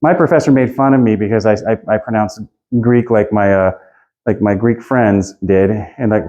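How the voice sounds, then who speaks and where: A man with a dark, mellow voice teaches a small, relaxed class. He talks in a loose, chatty way, stopping to laugh and shuffle through his notes. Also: lowish voice, normal speed, lo-fi sound.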